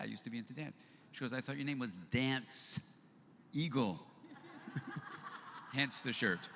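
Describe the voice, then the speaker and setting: An older man giving a live talk to an audience, telling an anecdote and acting out both sides of the dialogue. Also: fairly low pitch. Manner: animated storyteller who acts out both sides of a dialogue. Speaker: speaker at a live event. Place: event hall. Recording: live hall with long reverb, faint noise.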